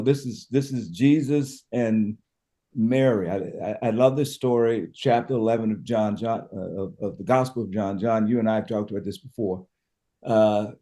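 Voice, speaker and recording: A man's voice: fairly low pitch, mellow. A man speaking as a pastor and podcast guest, telling a scripture story with emphatic, preacher-style passion and repeated words as he builds each point.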